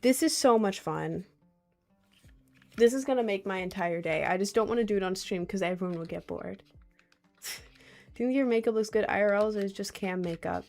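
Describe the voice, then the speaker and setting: A woman's voice: medium pitch, fast, a little mellow, soft background music. A young woman livestreaming, chatting casually and reading out viewers' comments with frequent laughs. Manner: rambling and giggly, reading out chat.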